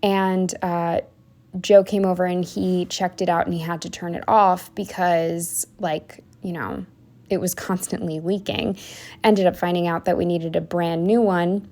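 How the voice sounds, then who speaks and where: A woman's voice: lowish voice, fairly even intonation, unhurried, darkish tone. Rambling, chatty woman vlogger. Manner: rambling, chatty, many "like" fillers and trailing sentences. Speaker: planner vlogger. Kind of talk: casual voice-over walkthrough of a planner spread.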